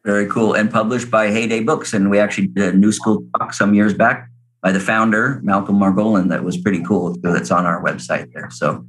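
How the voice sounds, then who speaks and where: A male interviewer speaks in a fairly low voice. His manner is easygoing and friendly as he wraps up the conversation. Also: steady tone, fairly quick, fairly bright tone, rough recording. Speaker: interview host. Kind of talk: casual interview.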